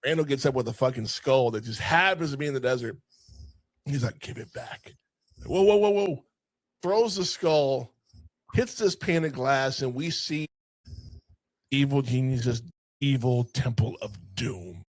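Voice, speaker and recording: Animated, swearing podcast host. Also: male voice, medium pitch, unhurried, dry recording. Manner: animated retelling, frequent swearing. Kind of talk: casual film review chat.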